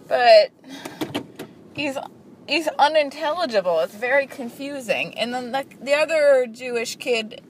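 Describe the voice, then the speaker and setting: A woman chatting casually to camera, talking in quick bursts and restarting her sentences. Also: sits high, a little hiss or hum. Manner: chatty, peppered with "like", frequent restarts. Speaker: vlogger. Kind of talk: casual chat.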